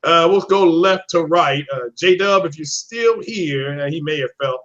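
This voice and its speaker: Upbeat podcast host, muffled lo-fi audio. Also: male voice, a little high, unhurried. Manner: upbeat, repeats shout-outs and greetings. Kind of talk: casual live-stream chat.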